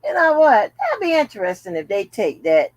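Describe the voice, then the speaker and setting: A woman's voice: on the high side, huge pitch swings, normal speed, no echo. A woman hosting a casual commentary vlog, chatting bluntly and jokingly to her viewers with plenty of profanity. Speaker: channel host.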